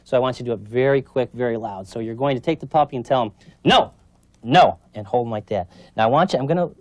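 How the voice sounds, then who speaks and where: A male dog trainer gives an instructional demonstration of puppy training, explaining patiently and checking in with his student while coaching. His mid-range voice is darkish in tone and very fast, with no echo.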